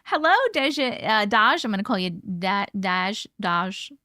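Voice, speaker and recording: A woman's voice: medium pitch, animated, a little slow, pushed and bright, no echo, clean studio sound. A woman hosting a live stream, chatting casually with viewers, swearing freely and laughing often. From part Italian heritage, American. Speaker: host reading viewer stories.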